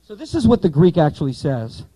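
A man's voice: fairly high pitch, sing-song, a little fast, dark tone, breathy edge, no room sound, poor audio. Man teaching Bible Greek to a class. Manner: explanatory, rhetorical questions, asides to class. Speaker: pastor teaching pastors.

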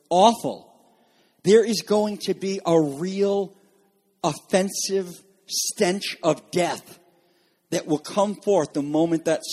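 A man's voice: high-pitched, darkish tone. A man preaching a sermon, reading passages aloud and explaining them to his congregation. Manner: reads quotations aloud, then explains them. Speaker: pastor.

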